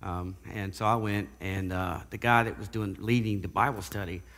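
A man giving a casual spoken testimony, halting and often repeating words as he goes. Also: lowish voice, steady tone, fairly bright tone, in a large hall. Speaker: guest sharing recovery testimony.

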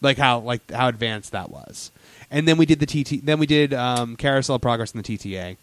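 An excitable man rambles through his theme-park stories, stumbling over restarts and fillers as he goes. His voice sits in a middle range and sounds close and dry, with no room around it. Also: medium pitch, a little fast, no echo. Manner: enthusiastic storyteller, lots of fillers and restarts. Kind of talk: casual theme-park chat.

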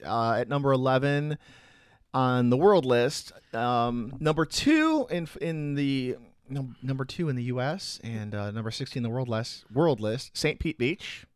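A man's voice: medium pitch, expressive, measured pace, smooth, no room sound, studio quality. A man co-hosting a podcast in casual chat, thinking aloud with fillers. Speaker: podcast co-host.

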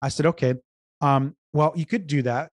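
A man's voice: fairly high pitch, fairly even intonation, normal speed, no echo. A man who is a business consultant, a guest on an interview podcast, telling stories earnestly, repeating words and restarting as he goes. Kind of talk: conversational storytelling interview.

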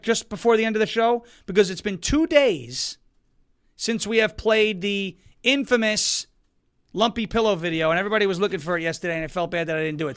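A man's voice: high-pitched, a bit bright, smooth. A man hosting a political talk show, in a sarcastic and mocking style, often slipping into put-on quotes. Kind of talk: animated political commentary.

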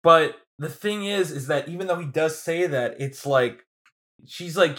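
A podcast co-host chats casually about a film, laughing often and acting out lines in mocking voices. His male voice is on the high side, fairly bright, and unhurried.

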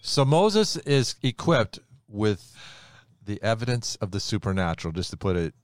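A middle-aged man with a very low voice tells a story on a podcast and acts out each character as he goes. The sound is dry and close, as if recorded in a small studio. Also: normal speed, clear, resonant tone, no room sound. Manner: animated storyteller who acts out the quoted lines. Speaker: podcast host. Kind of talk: casual Bible storytelling chat.

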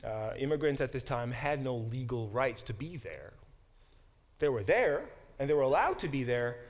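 A man's voice: medium pitch, big pitch swings, normal speed. Man lecturing on scripture. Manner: explanatory, with frequent fillers and restarts. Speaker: professor teaching a Bible class.

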